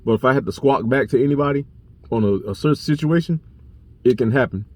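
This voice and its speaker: A man's voice: medium pitch, quick pace. Young man telling a story bluntly. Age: young adult. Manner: blunt, profane, animated retelling. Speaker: vlogger. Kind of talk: casual storytelling to camera.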